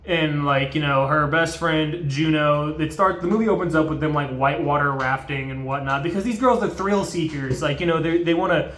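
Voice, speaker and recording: A man's voice: fairly high pitch, fairly quick, hardly any pauses, a bit bright, echoey room. A man casually recapping a movie in a rambling, profane way, with many fillers. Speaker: video host.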